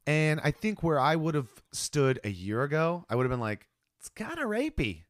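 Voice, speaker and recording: Male podcast co-host, slightly high voice, dry close sound, animated chat. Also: normal speed, no echo. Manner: animated, acts out quoted voices. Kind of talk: casual chat.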